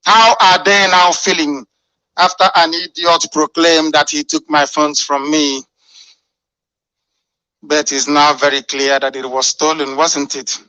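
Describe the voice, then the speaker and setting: A man's voice: fairly high pitch, steady tone, unhurried, pushed and bright, no echo, low-quality recording. A man delivering a fiery, scornful radio address full of rhetorical questions. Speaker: radio broadcaster.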